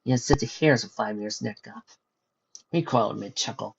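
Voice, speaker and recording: A man narrating a fan-fiction story in a steady storytelling manner, on a dull lo-fi recording. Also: mid-range voice, brisk, vocal fry, husky.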